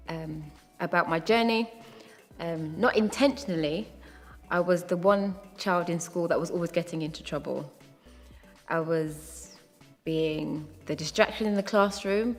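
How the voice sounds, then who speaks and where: A woman, a singer-songwriter and host, telling a personal story in a reflective way, laughing now and then. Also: fairly low pitch. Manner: reflective, laughs often, quotes people in put-on voices. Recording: long reverb with faint music behind. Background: faint background music.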